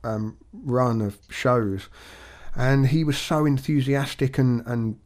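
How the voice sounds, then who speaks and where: A man co-hosting a podcast, talking in a measured, reflective way with frequent restarts. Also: medium pitch, fairly even intonation, darkish tone. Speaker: podcast co-host.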